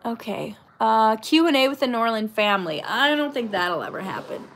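A woman's voice: on the high side, expressive, normal speed, gravelly, a bit bright. A middle-aged woman, an actress, chatting casually as she reads out viewer questions and answers them. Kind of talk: casual live Q&A chat.

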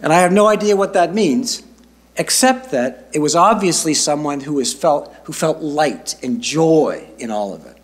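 A man preaching a sermon as pastor, slow and emphatic, stretching out key phrases. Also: fairly high pitch, lively intonation.

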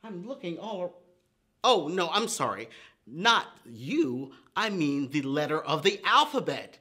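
A man leads a storytime for small children in a slightly high voice that swoops up and down a great deal. He talks slowly and deliberately, playful and exaggerated, with gasps and whoops. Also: big pitch swings, sharp tone, husky. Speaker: children's librarian leading storytime. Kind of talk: preschool storytime lesson.

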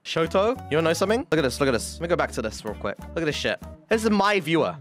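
A man's voice: on the high side, very animated, racing, faint music behind. A man streaming, taunting and aggressive in trash-talking chat.

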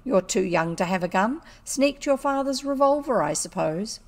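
A woman voicing a gruff, angry old gentleman magistrate who talks loudly and blusters. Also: medium pitch, very animated, moderate pace. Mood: blustering. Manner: loud, blustering.

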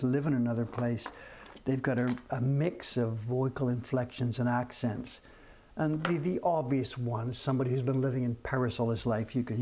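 A man's voice: medium pitch, darkish tone, slight background noise. An older man from Canada chatting casually on a live stream from his print shop bench, telling rambling stories full of restarts and asides. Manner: chatty storyteller, many restarts and "whatever".

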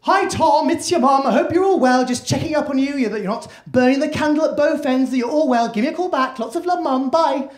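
A fretful middle-aged mum chattering into a voicemail, as a man puts her on, her voice pitched high and sing-song. The sound carries the echo of the room around her. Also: a little fast, few pauses. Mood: chirpy. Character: fretful middle-aged mother leaving phone messages.

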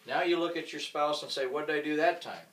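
A man teaching golf, with a fairly high voice and a loose, joking manner as he acts out scenes while swinging. He is recorded indoors from a distance, so his voice sounds roomy and a little far away. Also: brisk, a bit bright. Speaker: golf instructor. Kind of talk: instructional talk with demonstration.

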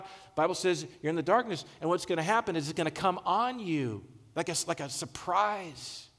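A man's voice: high-pitched, expressive, normal speed, few pauses, fairly bright tone. Emphatic male pastor in a reverberant hall. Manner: conversational, emphatic preaching with asides. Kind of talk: sermon. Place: large church hall.

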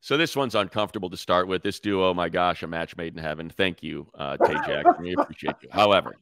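Male sports podcast host, low voice, dry close sound, chatty storyteller. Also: quick pace, a bit bright, no echo. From Detroit, raised near Chicago. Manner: storytelling, mimics others' voices. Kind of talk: casual sports talk.

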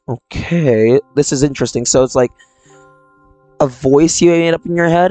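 A young man giving casual commentary on a horror game, blurting out reactions and nervous laughs, close to a loud new mic. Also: medium pitch, a little slow, no echo. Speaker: gaming channel creator. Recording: dry close mic, faint game music.

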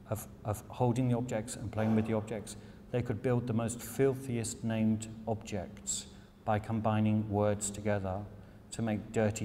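A man's voice: lowish voice, warm tone. Irreverent British man in a big echoey hall. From England. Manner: candid and irreverent, swears casually. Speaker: silversmith giving a talk. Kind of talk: lecture talk with slides. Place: lecture hall. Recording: long hall reverb, faint noise.

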